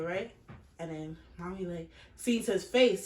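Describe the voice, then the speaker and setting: A woman's voice: on the low side, measured pace. A woman in her twenties telling a personal story casually, blunt and full of swearing. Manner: blunt, profane, animated retelling. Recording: echoey room, mic far off, faint hiss.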